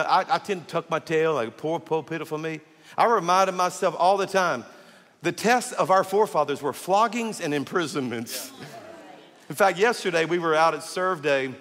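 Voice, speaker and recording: A pastor preaching in a big church, his slightly high voice ringing out with a long hall echo behind it. He tells his stories with animated energy and acts out each side of a conversation. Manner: animated storyteller who acts out dialogue. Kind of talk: sermon. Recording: long reverb of a large hall.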